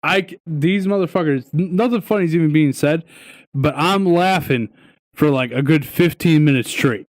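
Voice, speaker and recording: A young adult man co-hosting a podcast, telling stories in a casual, profane, animated way, full of "dude" and "right?". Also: a little high, moderate pace, dry recording. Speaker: podcast co-host. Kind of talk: casual storytelling chat.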